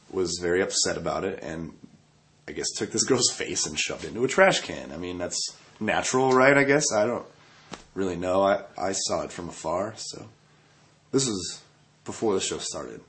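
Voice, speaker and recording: A man with a fairly low voice tells a story in a casual, rambling way. He swears freely and keeps a loose, offhand tone. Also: normal speed, a bit bright. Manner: profane, laid-back, rambling. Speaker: band member telling a tour story.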